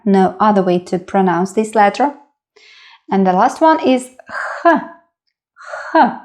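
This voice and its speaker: A woman with a Russian accent teaching a slow beginner lesson, patiently repeating each sound. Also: mid-range voice, creaky, dark tone. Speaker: language teacher.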